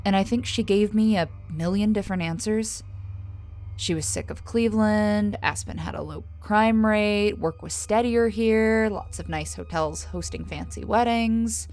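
A woman narrating a first-person horror story in a measured, scripted delivery, letting her voice fall softly on the tags. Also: medium pitch. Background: soft music.

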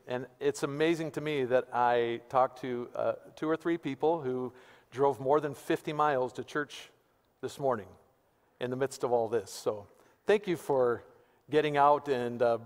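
Joking pastor in an echoey church. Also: male voice, medium pitch. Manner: casual, joking, with many fillers. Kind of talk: sermon. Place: church sanctuary. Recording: reverberant church sanctuary.

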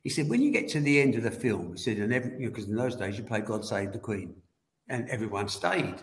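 A man in his seventies, a guest telling animated anecdotes and laughing through them. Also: fairly low pitch, quick pace. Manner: animated, laughs as he tells the story. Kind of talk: anecdotal storytelling. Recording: roomy echoey room.

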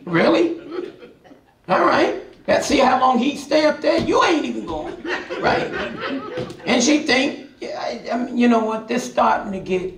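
Man preaching a Bible study, very high gravelly voice, swooping lively pitch, echoey room, mic far off. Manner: passionate, hollering, repetitive emphasis.

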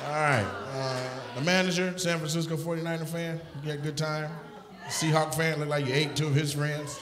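A male stand-up comedian doing crowd work, loudly teasing audience members and often breaking into shouts and laughter. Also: a little high, steady tone, fairly quick. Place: comedy club stage. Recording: echoey club room with audience noise.

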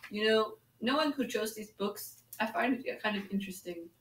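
A woman playing deadpan, formal Ren. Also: medium pitch, normal speed, heavy background noise, lightly acted. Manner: deadpan, overly literal, polite. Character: calm, formal, deadpan young man. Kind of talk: comedic fan parody. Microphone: camera mic set far away. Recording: roomy room, mic far away.

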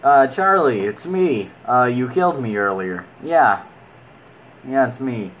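A man's voice: mid-range voice, very animated, takes it slowly, slight background noise, poor audio. A man giving casual commentary while playing a video game, rambling and talking fondly to the creatures on screen.

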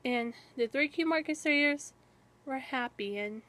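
Slow, rambling young woman storyteller. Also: high-pitched, a bit bright. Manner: rambling, halting, many restarts and "and" fillers. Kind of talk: improvised fan-fiction story narration.

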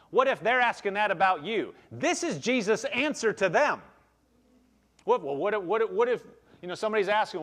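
Male pastor, high and animated, conversational sermon with scripture reading. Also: moderate pace. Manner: explains verses aloud, frequent restarts. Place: church.

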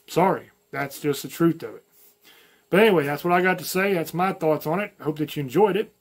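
A man's voice: on the high side, a little fast. A man from the American South with a light Southern accent, giving a blunt, folksy opinion monologue as a channel host, full of slang and profanity. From American South, mountains.

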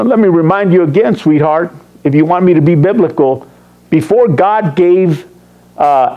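A man's voice: on the high side, dark tone, muffled recording. A man preaching a sermon as pastor, teasing and quizzing his congregation. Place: church sanctuary.

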